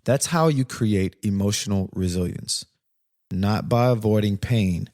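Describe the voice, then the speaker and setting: A man's voice: on the low side, measured pace, a little mellow, no room sound, studio quality. Earnest man hosting a parenting podcast. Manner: earnest, reflective storytelling with direct advice to listeners. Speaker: podcast host.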